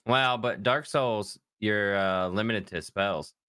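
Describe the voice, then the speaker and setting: A man co-hosting a podcast, chatting casually about video games, animated and quick to laugh. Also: fairly low pitch, clean tone, no room sound, studio quality. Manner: animated, laughs often, trails off. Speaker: podcast co-host. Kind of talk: casual gaming chat.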